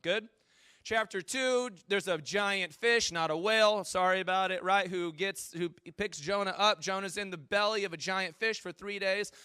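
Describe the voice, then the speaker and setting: A man's voice: high-pitched, moderate pace, pushed and bright, clean tone, no echo, studio quality. A male pastor giving a casual, joking sermon and asking his audience questions. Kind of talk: conversational sermon.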